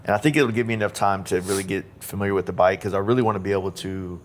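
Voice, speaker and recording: A man with a lowish voice hosts a podcast in loose, casual conversation. He talks in a relaxed way, filling gaps with "like" and "you know". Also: rapid-fire, a little hiss or hum. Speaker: podcast host. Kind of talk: casual interview chat.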